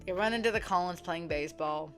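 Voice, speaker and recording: Young female vlogger, lower voice, casual and profane retelling, lots of "like", faint music behind. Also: a bit bright. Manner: chatty and profane, many "like" fillers; acts out characters' lines in quick quotes. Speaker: book vlogger. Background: faint background music.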